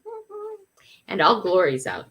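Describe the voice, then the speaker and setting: An older woman hosting a morning livestream, telling a funny story in a chatty, animated way. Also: mid-range voice, unhurried. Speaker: livestream host.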